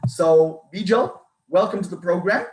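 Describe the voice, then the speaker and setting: A man's voice: high-pitched, unhurried, reverberant, noisy background. A man moderating a virtual panel on a video call, introducing panelists.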